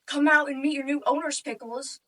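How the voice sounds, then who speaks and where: A woman playing an excitable, eccentric bohemian father who booms and drops into theatrical whispers, recorded from a distance. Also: fairly quick. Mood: booming excited. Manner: booming, theatrical, secretive whispers.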